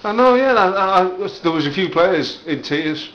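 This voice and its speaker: A man plays interviewer after an amateur football match, with a deadpan, mock-serious delivery. His voice sits a little high, and the recording is dull and lo-fi. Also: moderate pace. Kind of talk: jokey post-match interview.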